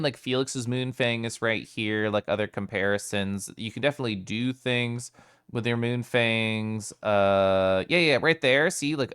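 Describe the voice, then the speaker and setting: A man's voice: lowish voice, a bit bright, clear, resonant tone. A man streaming live, chatting casually with his viewers, playful and giggly as he greets them by name.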